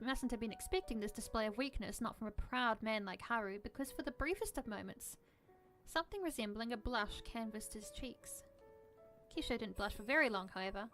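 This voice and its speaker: Female streamer; casual, chatty narration with swearing, somewhat high voice over soft music. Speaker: streamer reading a visual novel aloud.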